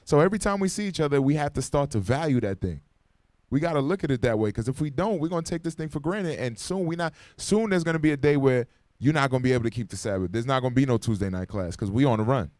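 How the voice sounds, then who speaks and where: In a dry, studio-quality microphone recording, a man with a darkish mid-range voice and lively intonation speaks quickly. He's running a casual Bible class for a packed classroom, pressing urgently and asking the group again and again to respond.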